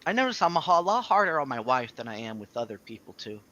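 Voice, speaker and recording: A man chatting casually on a stream about running his business, swearing freely and telling stories with animated energy. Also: quick pace, muffled recording. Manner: profane, animated storytelling, voice jumps high when retelling outbursts. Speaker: streamer and small business owner. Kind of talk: casual chat.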